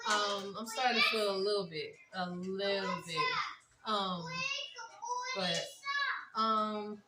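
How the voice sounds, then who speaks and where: A woman vlogging casually, talking in a loose, rambling way with lots of fillers, mildly high and relaxed. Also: echoey room, distant mic, poor audio. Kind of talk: casual vlog chat. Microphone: phone.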